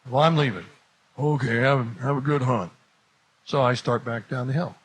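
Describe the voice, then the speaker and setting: A man telling a comic story to an audience, acting out every exchange and rising to shouts as it builds. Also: medium pitch, normal speed, husky, low-quality recording. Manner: animated, acts out the dialogue, voice rising to shouts at the climax.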